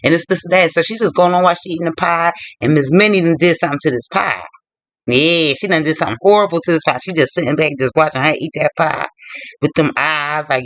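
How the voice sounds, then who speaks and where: A man's voice: a little high, fairly quick, a bit bright, dry recording. A man retelling a novel's plot in a chatty, loose way, full of fillers and asides to the viewer. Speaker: book vlogger. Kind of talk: casual book retelling.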